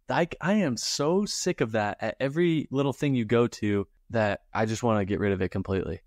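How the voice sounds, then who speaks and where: A man's voice: medium pitch, animated, fast talker, few pauses, no room sound, studio quality. A man co-hosting a podcast in casual chat, ranting in an exasperated way and mimicking hype-man voices. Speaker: podcast co-host.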